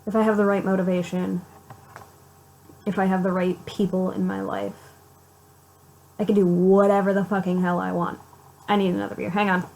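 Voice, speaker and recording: A woman's voice: mid-range voice, little pitch movement, moderate pace, long pauses, darkish tone, a little hiss or hum, rough recording. A young woman talking straight to her viewers in a confessional vlog, raw and emotional, swearing a lot, repeating herself and breaking off mid-sentence. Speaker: vlogger.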